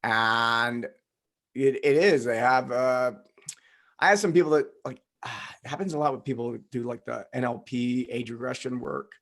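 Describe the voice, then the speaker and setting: A man's voice: mid-range voice, moderate pace, a bit bright. A man hosting a podcast interview, reflecting on a topic in a conversational way, with frequent fillers. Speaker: podcast host.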